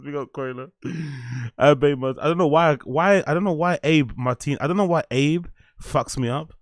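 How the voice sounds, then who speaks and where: A man's voice: mid-range voice, normal speed, dry recording. Young man, casual streamer, swears a lot, mid voice, dead-dry sound. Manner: laid-back, swearing, laughs often, reads chat aloud. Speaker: livestream host. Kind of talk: casual livestream chat.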